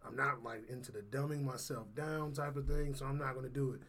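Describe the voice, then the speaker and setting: A man in his thirties from St. Louis, speaking as a guest comedian on a podcast. His voice sits in a middle pitch with a bright, forward ring. He talks in a relaxed, slangy way and laughs often. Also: brisk. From St. Louis, USA. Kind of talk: casual podcast chat.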